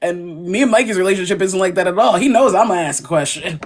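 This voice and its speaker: A woman with a low voice talks bluntly in a casual panel chat. She uses plenty of slang and laughs often as she goes. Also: fast talker.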